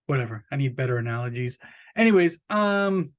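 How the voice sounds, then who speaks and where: A man hosting a podcast, talking in a rambling, profane, joking monologue that jumps up high when he plays indignant. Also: lively intonation, a little fast. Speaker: podcast host. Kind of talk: casual comic podcast monologue.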